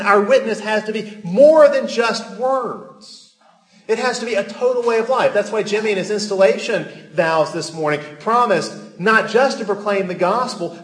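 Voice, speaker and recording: A man's voice: sits high, echoey room. A male pastor delivering a sermon in a church, earnest and emphatic, pressing his points with rising emphasis. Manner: earnest preaching with emphatic rises.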